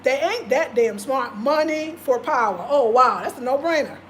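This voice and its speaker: A woman's voice: high-pitched, lively intonation, moderate pace, fairly bright tone, slight background noise. A woman vlogger talking casually and passionately, repeating her points for emphasis. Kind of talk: casual live-stream talk.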